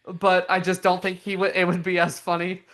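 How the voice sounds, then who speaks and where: A young woman co-hosting a podcast, chatting casually in an animated, giggly way with lots of fillers. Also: on the low side, a little fast. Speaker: podcast co-host. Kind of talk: casual chat.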